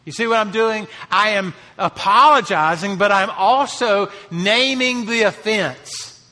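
A man preaching a sermon, his voice pitched high and ringing bright. He speaks earnestly and lifts his voice to drive key phrases home. The sound trails off into the long reverb of a hall. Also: measured pace. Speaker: pastor.

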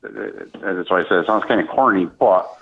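Deep-voiced male guest, earnest and halting, on a phone-line feed. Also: gravelly. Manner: earnest, halting, with frequent restarts. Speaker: guest, speaker at military events. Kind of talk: conversational interview. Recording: tinny phone-line audio.

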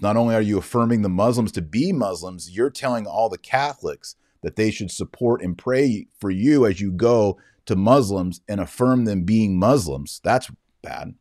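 Casting: man, very low voice, emphatic storyteller, dry close sound. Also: a little mellow, dry recording. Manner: emphatic, indignant retelling. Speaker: Catholic commentator. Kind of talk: storytelling monologue.

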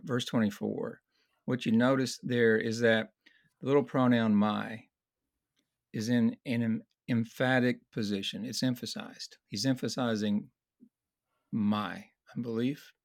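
A man teaching in a conversational Bible study discussion, earnest and explanatory, slowing down to stress key points. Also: mid-range voice, dry recording, clean studio sound.

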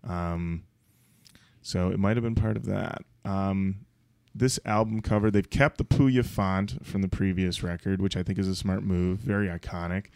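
Co-host pria, suara agak rendah, gaya datar dan kering, mik dekat. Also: male voice, deep voice, steady tone, moderate pace, gravelly, a little mellow, no room sound. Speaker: podcast co-host. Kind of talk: casual chat.

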